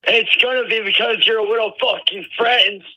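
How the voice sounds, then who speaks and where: A man yelling profanities on a phone call, wheezing, with a combative manner. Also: high voice, fairly even intonation, normal speed. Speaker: phone caller.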